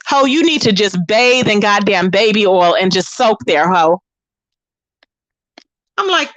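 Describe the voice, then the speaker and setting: A woman's voice: medium pitch, fairly bright tone, no echo. A woman hosting a livestream, ranting with profane, scornful trash talk and sassy asides to her viewers. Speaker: livestream host.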